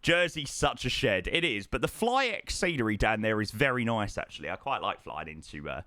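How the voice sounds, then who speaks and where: A man's voice: fairly low pitch, very animated, fairly quick, bright, forceful tone, no room sound. A man, chatting casually to viewers during a flight sim stream, greeting them by name and repeating words. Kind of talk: casual live-stream chat.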